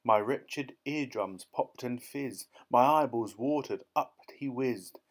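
A man narrating a children's storybook audiobook in rhyming verse, with a lively, rhythmic delivery. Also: mid-range voice, slow.

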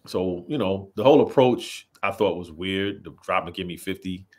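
A man in his thirties co-hosting a casual chat, animated, quoting lines and restarting his sentences. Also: low voice, normal speed. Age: 30s. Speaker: podcast co-host. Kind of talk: casual chat about rap.

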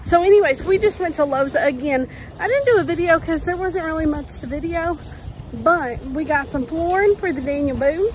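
Lady vlogging in a parking lot, squealy high voice, gushy and excitable, lots of background noise. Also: moderate pace. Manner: excitable, gushing exclamations. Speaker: couponing channel host. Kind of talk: casual vlog chat.

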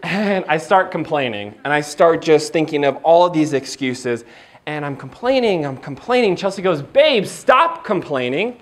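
A man giving a motivational keynote in an event hall, telling a story in an animated, jokey way and acting out the dialogue. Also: on the high side, moderate pace. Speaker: keynote speaker. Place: event hall before a live audience.

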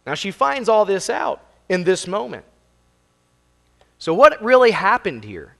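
A male pastor preaches from the pulpit, explaining the scripture verse by verse in a plain, conversational way. His voice sits a little on the high side, and it rings out with a long reverb through the church. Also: sing-song, measured pace, gravelly, fairly bright tone. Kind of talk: sermon. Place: church sanctuary.

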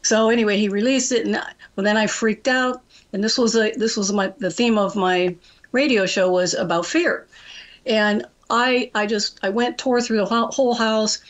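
Middle-aged woman radio guest, animated storyteller, mid-pitched voice. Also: normal speed, lo-fi sound. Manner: chatty, animated storyteller, laughs often. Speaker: radio guest, trading coach. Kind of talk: phone-in storytelling on a talk show.

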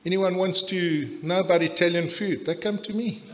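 A man's voice: sits high, fairly even intonation, normal speed. A middle-aged South African man giving a blunt, jokey after-dinner toast that rambles with restarts, speaking in a large dinner hall. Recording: long hall reverb.

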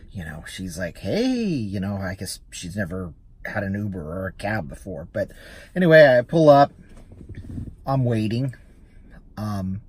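A man's voice: on the low side, slightly rough. A man, a rideshare driver and vlogger, chatting casually as he recounts a story with quoted dialogue.

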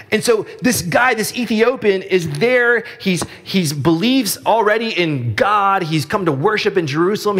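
A man from Texas preaching a sermon as pastor, telling stories in a conversational, animated way. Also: long reverb tail. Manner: conversational storytelling, animated rises in pitch. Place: church sanctuary.

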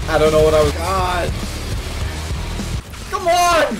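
A man narrates his gameplay in a high, bouncy voice that leaps all over its range. He swears freely and shouts at enemies, and loud music plays beneath him. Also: sing-song, takes it slowly, long pauses. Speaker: gaming video host. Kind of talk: gameplay commentary.

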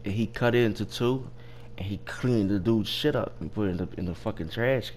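A man's voice: lowish voice, fairly quick, darkish tone, slight background noise. A young man casually telling a work story, rambling and profane, with loose restarts. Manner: rambling, profane, laughing at his own story.

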